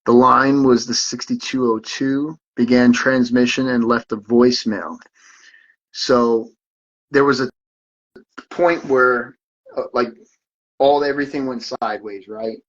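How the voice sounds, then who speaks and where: A man talks through a casual podcast monologue at a middling pitch, reading out messages between halting stretches of repeated words. The sound is dull and lo-fi, with the top end rolled off. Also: fairly even intonation. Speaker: podcast host.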